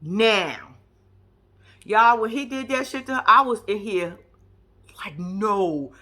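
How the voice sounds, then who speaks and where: A brash, profane woman rants her reactions to a reality show. Her voice sits a little high and sounds bright and forceful, and she tells the story in an animated, gossiping way. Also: brisk. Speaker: reality TV commentator. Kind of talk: casual reaction commentary.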